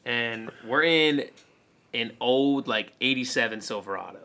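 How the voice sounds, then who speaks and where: A man co-hosting a podcast, telling a story in casual, animated chat and swearing freely. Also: medium pitch, a little slow. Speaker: podcast co-host.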